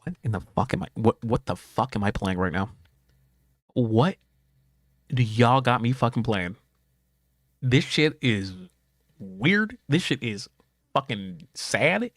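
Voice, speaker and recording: A man streaming a game, reading its dialogue aloud and breaking off into excitable, profane reactions. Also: mid-range voice, slow, pauses often, no room sound, clean studio sound.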